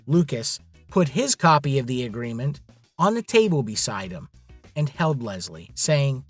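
A man's voice: mid-range voice, very animated, unhurried, slightly rough, dry recording, soft background music. A man narrating a scripted drama story in a dramatic storytelling manner.

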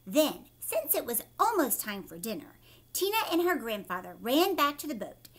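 A woman teacher reading a children's book aloud, animated and asking her young listeners questions. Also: sits high, normal speed. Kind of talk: read-aloud storytime for children.

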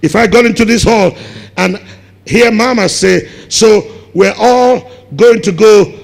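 A Ghanaian man preaching a sermon as pastor, building up to shouted emphasis on key words. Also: high voice, measured pace, gravelly. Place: large church hall. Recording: long hall reverb.

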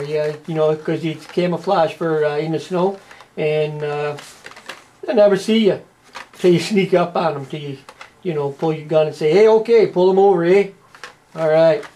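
A Canadian-accented man unboxes toys with casual, folksy, rambling commentary, ending lines with "eh" and scattering plenty of "uh". His voice sits high with a darkish tone, and there's slight background noise.

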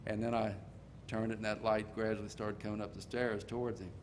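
An older man preaching a sermon in a folksy storytelling manner, slowing down to stress key points. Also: lowish voice, level tone, background noise.

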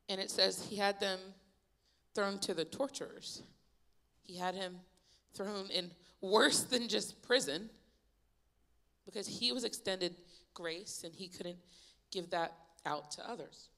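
A young woman preaching a youth sermon, retelling Bible stories in a lively, casual storytelling way. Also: mid-range voice, slow. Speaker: youth pastor. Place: church youth service.

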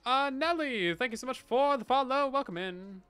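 A streamer chats casually and playfully with viewers while gaming on a livestream, breaking into bursts of mock panic. His voice is very high, bright and forceful, and smooth, delivered at a moderate pace with faint music behind.

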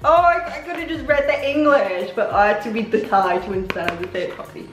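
Young woman unboxing gifts, kinda hoarse, higher voice, echoey room w faint music. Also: fast. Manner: excitable, gushing, many oh my gods. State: voice going hoarse. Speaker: vlogger. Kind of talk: casual unboxing chat.

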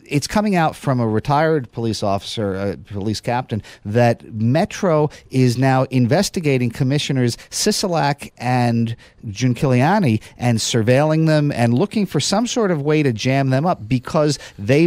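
Halting male talk radio host. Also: mid-range voice, expressive, darkish tone, no room sound. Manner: thoughtful, halting, repeats words. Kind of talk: radio talk show chat.

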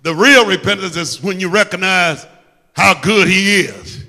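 A man preaching a fervent sermon in a church sanctuary, with a Midwestern American accent, dropping to a hush and then rising to a shout. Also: sits high, measured pace. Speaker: pastor. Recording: church sanctuary with long reverb.

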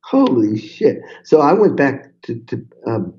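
An older man, a guest on a podcast interview, telling stories in an animated, swearing way and acting out what people said. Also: medium pitch, unhurried, dull audio. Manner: animated, swearing, acts out quotes. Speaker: guest drummer. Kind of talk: storytelling interview.

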